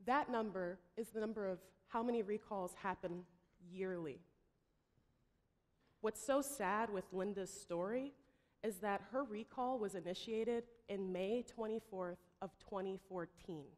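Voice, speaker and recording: A woman giving a pitch talk, telling a story dramatically and acting out the voices she quotes. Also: measured pace. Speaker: startup founder pitching. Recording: long hall reverb.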